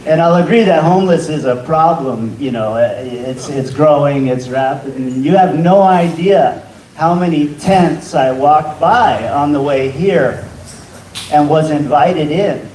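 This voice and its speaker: A man doing an open mic stand-up set in a rambling, halting way with deadpan asides. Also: on the high side. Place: bar comedy room. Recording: echoey room, distant mic.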